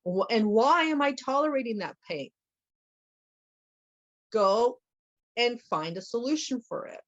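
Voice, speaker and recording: A woman in casual conversation, telling a personal story with animated acted-out bits of dialogue. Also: on the high side, unhurried. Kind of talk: casual chat. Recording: muffled lo-fi audio.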